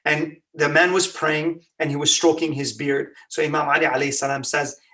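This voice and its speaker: A man delivers a lively, conversational religious talk, often throwing rhetorical questions at the room. His voice sits on the higher side for a man. He sounds a little off-mic, as if standing back from it. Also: a little fast, far from the mic. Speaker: religious lecturer. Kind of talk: Ramadan lecture.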